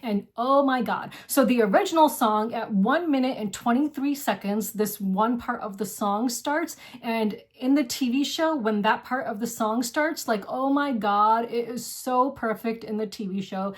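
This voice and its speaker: A woman's voice: fairly high pitch, moderate pace, hardly any pauses. Gushing woman vlog host. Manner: gushing and effusive, heavy use of "like". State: single, lives alone. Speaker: board game channel host. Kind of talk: casual vlog chat.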